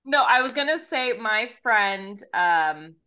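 A woman's voice: fairly high pitch, animated, slow pace, over a noisy crowd. A woman from the United States hosting a podcast in casual chat, self-mocking and laughing often. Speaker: podcast host.

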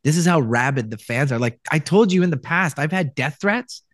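A man's voice: a little high, lively intonation, a little fast, no echo. Canadian man telling his story, dry room. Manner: rambling, many restarts, acts out quoted lines. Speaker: voice actor guest. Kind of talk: casual interview storytelling.

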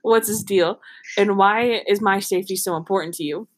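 A woman's voice: medium pitch, normal speed. A woman reading a romance novel aloud in a casual, giggly way, stumbling and restarting over words. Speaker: reader.

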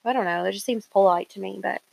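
A woman's voice: medium pitch, fast talker, vocal fry, darkish tone. A woman co-hosting a casual chat, retelling a reality show in detail.

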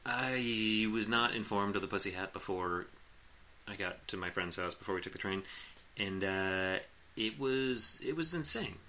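Bright-voiced man in his late thirties. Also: fairly low pitch, unhurried, a little hiss or hum. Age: late 30s. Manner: rambling, laughing often, acting out quotes. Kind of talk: casual chat, storytelling.

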